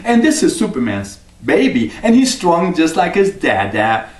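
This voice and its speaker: A man voicing a calm, unbothered mother in a folk tale, speaking low and matter-of-fact. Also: normal speed. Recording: roomy, mic at a distance.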